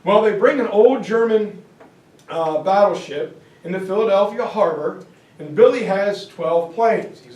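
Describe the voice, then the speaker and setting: A man giving a history lecture as lively storytelling, acting out quoted voices and joking asides. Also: high voice, moderate pace. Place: classroom or lecture hall. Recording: echoey room, mic far off, faint ambience.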